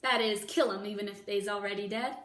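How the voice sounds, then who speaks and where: A woman voicing a slow-witted, slangy young servant girl, in an echoey room with the mic at a distance. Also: medium pitch, fairly even intonation, fairly bright tone, lightly acted. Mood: simple.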